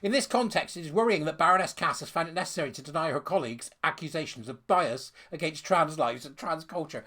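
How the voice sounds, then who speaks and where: A man's voice: fairly high pitch, fast talker, few pauses, sharp tone. A man giving scornful, sarcastic ranting commentary while reading out a letter.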